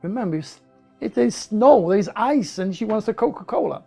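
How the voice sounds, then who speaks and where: Soft background music accompanies a high, vocal-fried voice at a moderate pace. The man, a native French speaker from the south of France with a French accent, animatedly recounts personal stories in an interview, acting out quoted speech.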